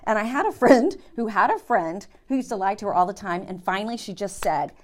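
A woman's voice: medium pitch, expressive, brisk. A middle-aged woman leading prayer and teaching a women's Bible study, a chatty storyteller who keeps checking in with her listeners.

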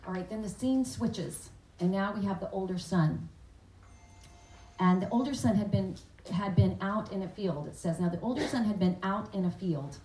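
A woman teaches from scripture in a sermon style, animated and often asking her listeners questions. Her voice sounds roomy and a little distant from the microphone, and faint noise sits behind it. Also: fairly low pitch. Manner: animated, acts out the father's words, asks the audience questions. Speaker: Bible teacher. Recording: echoey room, voice from a distance.

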